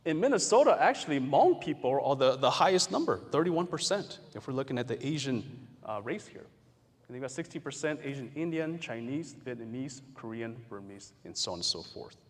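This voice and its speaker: A man giving a lively educational talk to an audience, with playful asides and acted-out quotes. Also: mid-range voice, brisk. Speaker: presenter. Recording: hall reverb.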